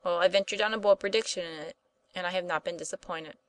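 A woman voicing a kindly, patient male schoolteacher who speaks earnestly and gently. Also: fairly low pitch, steady tone, quick pace, no room sound, close to an everyday voice, rough recording.

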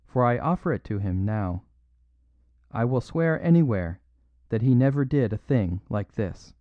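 A man voicing a courageous young noblewoman speaking in a clear, quivering voice. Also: medium pitch, animated, a little slow, no echo, phone-quality sound, close to an everyday voice. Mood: earnest.

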